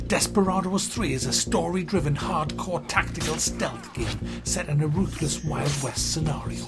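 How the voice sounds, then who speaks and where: A gravelly voice reads a game description aloud, unhurried and even. Clear music plays behind it the whole time. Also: medium pitch.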